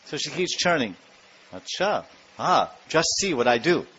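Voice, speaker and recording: A man's voice: on the high side, unhurried, breathy edge. Man telling devotional stories, lo-fi. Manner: animated storytelling, acts out scenes. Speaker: spiritual lecturer. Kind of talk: devotional lecture, storytelling. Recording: dull lo-fi lecture recording.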